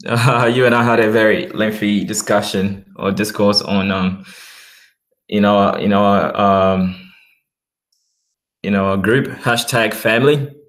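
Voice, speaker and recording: A man with a blended Australian and British accent chats on his livestream in a low voice. He talks very slowly and rambles while addressing viewers in the chat. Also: fairly even intonation, a bit bright, roomy sound. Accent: mixed Australian and British.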